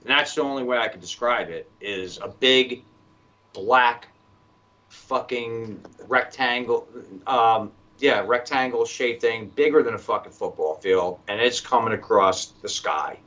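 A man tells a story in a cursing, animated way and jumps into other people's voices as he goes. The sound is dull and lo-fi. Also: medium pitch, a little slow. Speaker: podcast guest. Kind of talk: casual storytelling.

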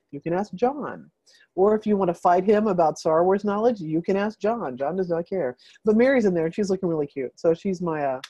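A woman's voice: lowish voice, no room sound, dull audio. A woman hosting a group video call, telling a story in a rambling, casual way full of fillers. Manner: rambling, filler-heavy, animated retelling.

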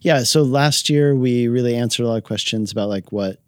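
Relaxed pastor, dry close sound. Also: male voice, mid-range voice, brisk, no echo. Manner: relaxed, with frequent fillers. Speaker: pastor and podcast host. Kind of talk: casual interview chat.

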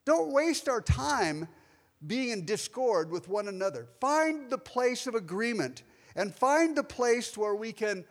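Middle-aged male pastor, higher voice, lively sermon delivery with loud emphasis and soft asides, church hall echo. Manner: animated preaching, shifts between loud emphasis and quiet asides. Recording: long hall reverb.

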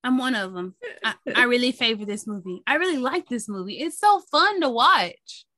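High, bright-voiced woman podcaster. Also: moderate pace, no room sound, clean studio sound. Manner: animated, swears freely, retells movie plots. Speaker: podcast co-host. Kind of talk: casual chat.

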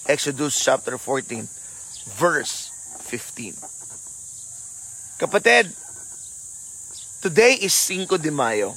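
A man's voice: high voice, a bit bright, low-quality recording. A man with a Filipino accent preaching a sermon, mixing English and Tagalog and repeating key lines for emphasis. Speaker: pastor.

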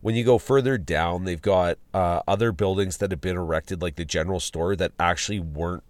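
Deep-voiced man recounting a trip. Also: brisk, dry recording. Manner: rambling, with restarts and fillers. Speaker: podcast host. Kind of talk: casual spoken travel log. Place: outdoors at a ghost town site.

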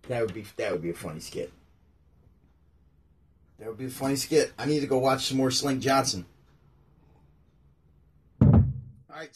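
A man reads scripture aloud in a casual way and breaks off into slangy jokes. His voice sits fairly high. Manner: joking, slangy asides. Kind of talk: casual comic scripture reading.

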